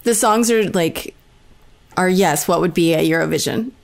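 A woman's voice: on the low side, moderate pace, gravelly. A woman in casual chat, talking enthusiastically and rambling with lots of fillers.

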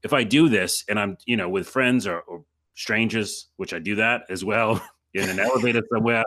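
A playful, animated man talks in a casual conversation. His voice is lowish in pitch but carries a crisp, bright edge. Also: normal speed.

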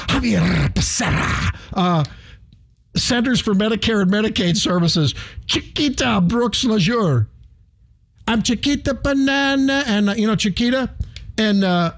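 Animated middle-aged talk radio man. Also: sits high. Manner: animated, rambling, self-deprecating asides. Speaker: radio show host. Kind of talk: casual talk radio monologue. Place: radio studio.

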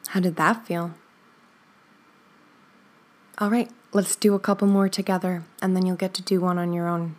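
A woman leading a guided breathing exercise, counting slowly and softly with gentle, encouraging words. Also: on the low side, level tone. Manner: slow, soothing counting with soft whispered stretches; gentle encouraging asides with light laughs. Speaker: breathing instructor.

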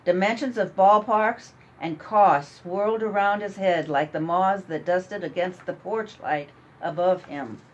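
A woman narrating a story in an amateur radio drama, reading in a measured way. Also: on the low side, highs cut off.

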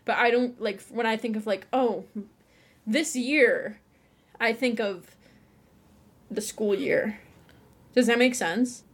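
On the high side and husky, this young woman's voice moves at a slow pace with long pauses. She's from Buffalo, New York and co-hosts a podcast in laughing, chatty talk full of restarts.

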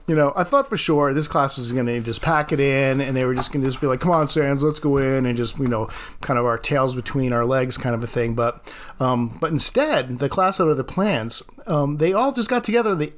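A man who teaches art, hosting his own podcast and telling a classroom story in a casual way, laughing often. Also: a little high.

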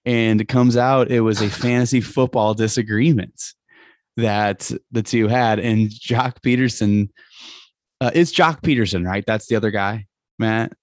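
A man's voice: lowish voice, moderate pace, no echo, studio quality. Chatty man hosting a football podcast. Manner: chatty, laughs often, rambling with fillers. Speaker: podcast host. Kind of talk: casual podcast chat.

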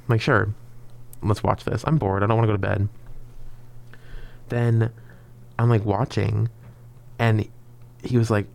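A man's voice: on the low side, creaky, a little mellow, clear, resonant tone. A young man telling a rambling storytime in a chatty, filler-heavy way, dramatically acting out his own past lines. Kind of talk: casual storytime vlog.

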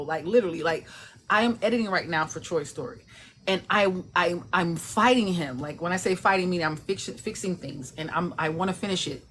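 A woman's voice: lowish voice, fairly quick, a little hiss or hum. A woman, an indie author, chatting casually and animatedly, acting out voices with laughter and salty language. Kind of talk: casual chat.

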